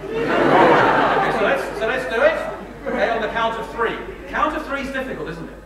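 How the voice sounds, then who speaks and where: A man's voice: extremely high pitch, big pitch swings, normal speed. A man with an English accent giving a live talk to an audience, joking about himself and quizzing the crowd. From England. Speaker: guest speaker. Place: lecture hall with an audience. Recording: very echoey hall, distant mic, noisy.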